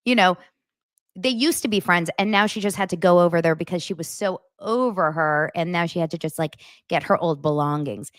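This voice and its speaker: A woman's voice: fairly low pitch, fairly quick, a bit bright, no echo, studio quality. A woman hosting a casual celebrity gossip show, chatty and sarcastic, often laughing. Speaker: host.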